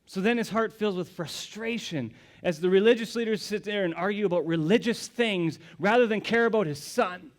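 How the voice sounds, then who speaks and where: A man's voice: sits high, moderate pace. Dramatic male pastor preaching. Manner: dramatic storytelling, swinging from hushed whispers to raised exclamations. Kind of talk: sermon.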